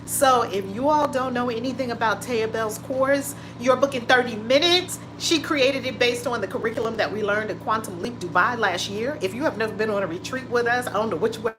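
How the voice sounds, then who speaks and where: A woman's voice: on the high side, brisk, few pauses, music in the background. Effusive woman hosting a livestream. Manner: effusive, greets viewers by name, exclaims. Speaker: livestream host. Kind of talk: casual livestream chat with viewers. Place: home room with window open. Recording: noisy home livestream audio.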